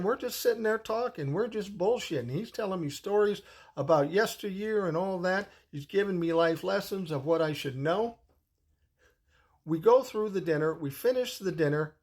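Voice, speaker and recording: A man in his sixties with a high-pitched voice, speaking at a moderate pace, tells a personal story. His delivery is casual, rambling and conversational, and he swears freely along the way.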